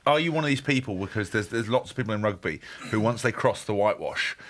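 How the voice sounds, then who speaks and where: Man, podcast co-host, teasing banter, quick talker, bright voice. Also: lowish voice, lively intonation, a little hiss or hum. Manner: teasing, laughing, does mocking impressions.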